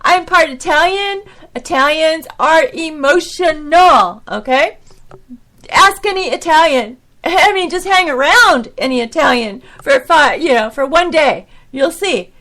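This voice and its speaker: A high-pitched middle-aged woman hosts her own podcast alone, talking straight to the listener. She rambles and gets emotional, raising her voice like a preacher as she rants, then laughs at herself. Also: measured pace. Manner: animated, preachy ranting. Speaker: podcast host. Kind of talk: casual monologue.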